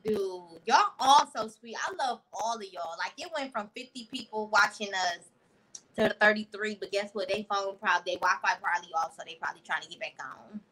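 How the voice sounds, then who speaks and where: A woman hosting a casual livestream, talking in an effusive, slangy and animated way while answering her viewers' comments. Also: mid-range voice, rough recording. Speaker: livestream host. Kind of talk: casual live-stream chat with viewers.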